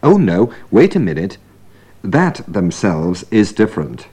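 A man's voice: sits low, sing-song, unhurried, mellow, slightly rough. Teasing man co-presenting a radio lesson. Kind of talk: scripted radio lesson banter.

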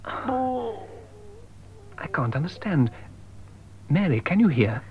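An actor playing a shaken young man, speaking clearly and slowly for learners, on a dull lo-fi tape. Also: high voice, big pitch swings, heavily acted. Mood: tense. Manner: clear, slow learner-friendly delivery.

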